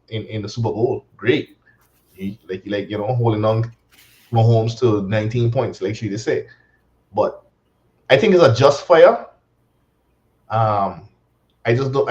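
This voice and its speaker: A man's voice: mid-range voice, a little mellow, muffled recording. A man co-hosting a casual football talk show, speaking in a loose, rambling, colloquial way. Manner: laid-back, rambling, colloquial. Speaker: podcast co-host.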